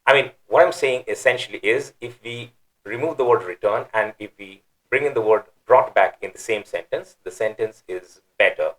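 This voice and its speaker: A man teaching the grammar of a Quran verse. He thinks aloud with pauses and restarts, and he stresses words and breaks them down slowly. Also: on the low side, a bit bright, low-quality recording. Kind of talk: explaining Arabic grammar.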